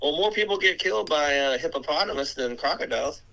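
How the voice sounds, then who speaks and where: A laid-back man in a casual chat, adding quick agreements and jokes. His pitch swings widely. His voice sounds bright and forward. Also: animated, creaky, poor audio.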